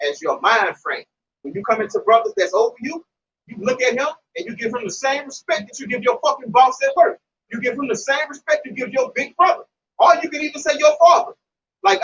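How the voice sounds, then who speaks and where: A man, talking scripture loosely with friends and punching every point with emphasis and curses. His voice sits very high and sounds bright and edgy. He is heard from a distance on a dull recording with faint noise. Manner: animated, emphatic, swears freely. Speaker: Hebrew Israelite member discussing scripture. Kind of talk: casual religious discussion.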